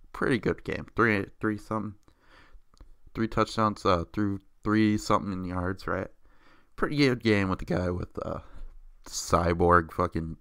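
Man, low register, profane excitable sports vlogger, close dry mic. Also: vocal fry, dry recording. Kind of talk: casual football rant.

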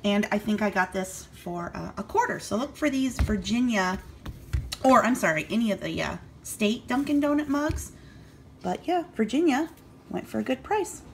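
A woman's voice: mid-range voice, lively intonation, normal speed, creaky, a little hiss or hum. A woman chatting casually in a vlog about her reseller sales, rambling a little and using fillers, recorded in a home basement. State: out of breath. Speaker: vlogger and eBay reseller.

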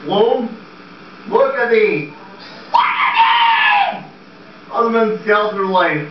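A man doing Max Bialystock, a booming desperate producer. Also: expressive, takes it slowly, heavy background noise. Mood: pleading. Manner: bombastic, shouting, theatrical. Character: blustering desperate middle-aged male theater producer. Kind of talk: amateur comedy sketch. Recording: echoey, distant, dull lo-fi tape.

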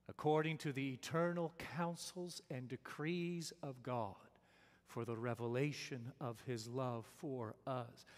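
A man preaching a sermon, emphatic and deliberate, posing rhetorical questions to his listeners and slowing down to stress key phrases. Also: medium pitch. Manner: emphatic, asks rhetorical questions and answers them. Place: church sanctuary. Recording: long reverb of a church sanctuary.

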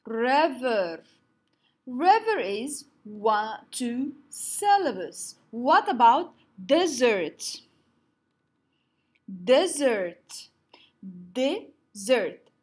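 Woman teacher, slow and husky, lively pitch, drawing out words in a lesson. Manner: slow, drawn-out words for clapping syllables; some slips and restarts. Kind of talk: online class lesson.

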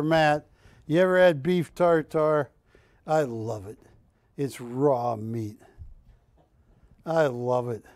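In studio-quality sound with no echo, a man with a slightly high voice sells art on a live shopping show. His pitch is chatty and playful, and he teases the co-hosts.

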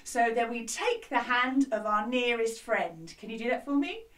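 A woman who is a music teacher, leading a lively children's music lesson from a hut, with a bright, encouraging, sing-song way of talking. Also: on the high side, normal speed. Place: outdoor classroom hut. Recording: slightly distant mic with music behind.

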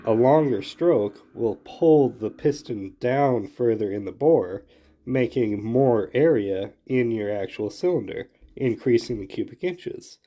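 A man's voice: mid-range voice, animated, measured pace, highs cut off. A man with a stuffy nose from a cold, talking in a nasal voice as he casually explains a job in his garage. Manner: folksy, hands-on explaining. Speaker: garage channel host. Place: home garage.

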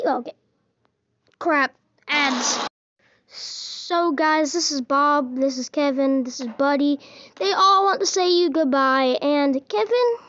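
A woman's voice: sits high, fairly bright tone, dry recording, dull audio. A woman giving casual, playful gameplay commentary, teasing and chatting to the characters in her game. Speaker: gaming video host.

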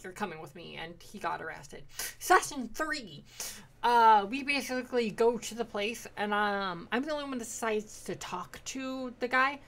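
A young woman tells the story of her tabletop campaign in a loose, rambling way, cursing freely and dropping into quick quoted lines. Her pitch sits in an ordinary middle range. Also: fairly bright tone. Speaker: player recapping a tabletop campaign. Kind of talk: casual recap of game sessions.

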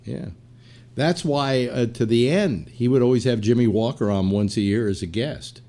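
A man's voice: mid-range voice, moderate pace, dark tone. Rambling older male host telling stories. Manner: storytelling, many fillers, mimics quotes. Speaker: podcast host. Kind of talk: casual rambling chat.

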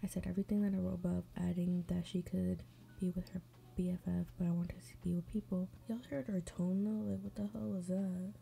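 A woman with a fairly low, gravelly, warm voice talks a little fast in a flat way. She hosts an advice show, doing her makeup and reading stories while chatting casually and bluntly, swearing a lot and sometimes mumbling under her breath, a blunt and profane running commentary.

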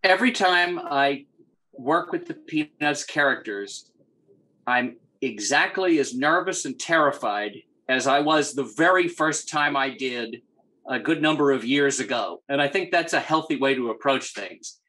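A man, an artist guest, answering in an earnest, measured way. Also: medium pitch, lively intonation, pushed and bright, poor audio. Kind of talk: conversational interview answer.

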